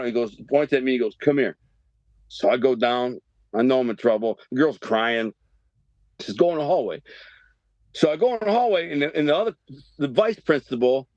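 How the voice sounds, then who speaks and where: A middle-aged man, from Detroit, telling his life story as a podcast guest in a streetwise, animated way and acting out the voices in his quotes. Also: a little high, no echo. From Detroit, USA. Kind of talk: casual storytelling. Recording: dry, dull podcast audio.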